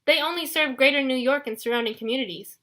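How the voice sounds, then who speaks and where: Woman doing a clever bossy teen girl, brisk, bright tone. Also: high-pitched, voice pushed up.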